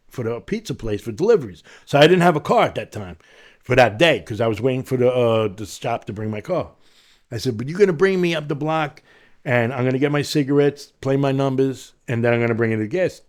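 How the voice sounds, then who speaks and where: A man's voice: mid-range voice, brisk. A middle-aged man from Long Island with a New York accent, telling his story as a podcast guest and acting out the voices of the people in it. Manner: animated, acts out quoted voices in his story. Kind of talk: storytelling in an interview.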